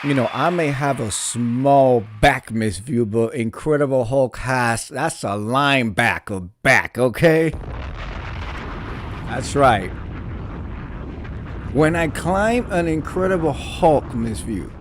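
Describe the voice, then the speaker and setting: A man's voice: medium pitch, slow. A man from New City, chatting casually on a live stream and answering viewers. He talks in a theatrical way and repeats phrases for emphasis. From New York City.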